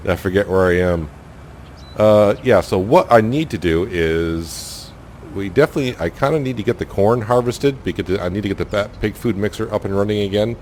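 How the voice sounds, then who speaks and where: Man, very low voice, relaxed let's-play commentary, rambling with fillers, faint game noise behind. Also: normal speed. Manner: rambling, thinks aloud with many fillers. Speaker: gaming channel host.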